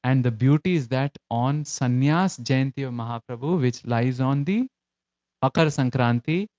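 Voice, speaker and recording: Indian english guy telling devotional stories, lively, acts out voices, dry muffled audio. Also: medium pitch, moderate pace, no room sound. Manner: animated storyteller acting out quoted voices. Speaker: lecturer in a devotional class. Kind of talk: storytelling sermon.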